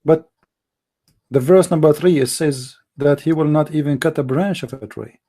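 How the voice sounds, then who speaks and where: A man's voice: a little high, normal speed, warm tone. A man hosting a live debate stream, arguing emphatically with rhetorical questions and non-native grammar. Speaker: live debate show host.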